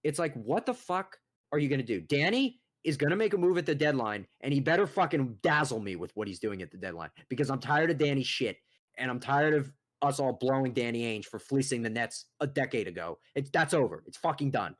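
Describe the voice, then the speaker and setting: A young man co-hosting a casual sports podcast, ranting in a profane, exasperated, animated way. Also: medium pitch, brisk. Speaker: podcast co-host.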